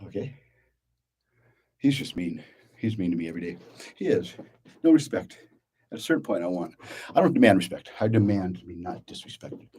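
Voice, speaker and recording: A man's voice: deep voice, expressive, fairly quick, pauses often, a little mellow, husky. A man streaming his rap recording session, talking casually and profanely between takes in a brash, grumbling way.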